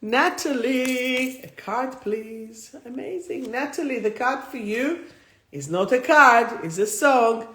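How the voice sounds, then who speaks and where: A woman's voice: a little high, lively intonation, slow pace, a bit bright, slight background noise. A woman hosting a live stream as a spiritual coach, reading out cards and repeating affirmations with emphasis. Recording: roomy echo.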